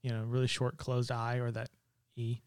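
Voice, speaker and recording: Male co-host, mid pitch, dry close sound, wry and joking. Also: completely flat delivery, moderate pace, clean tone, no echo. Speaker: podcast co-host. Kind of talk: casual chat.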